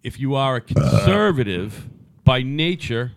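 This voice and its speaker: Male podcast co-host, emphatic and profane, mid pitch, dry close recording. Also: very animated, measured pace, dry recording. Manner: emphatic, repeats his points, swears often. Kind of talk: casual political chat.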